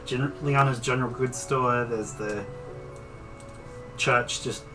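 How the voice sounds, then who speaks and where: A woman voicing a deep-voiced high elf innkeeper. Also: fairly even intonation, slow pace, far from the mic, over music. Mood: obliging.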